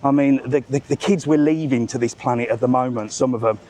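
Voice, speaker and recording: A man hosting a live travel vlog, telling a story as an animated, swearing rant while walking outdoors. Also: medium pitch, brisk, slight background noise. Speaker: travel vlogger, live stream host. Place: outdoors among bars and restaurants.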